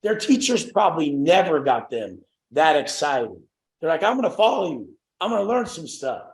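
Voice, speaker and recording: With a slightly high voice and a normal pace, a very animated young man leads a motivational coaching call for a group. He's brash, swears without restraint, and performs the voices of the people in his stories, all in a roomy, echoing recording.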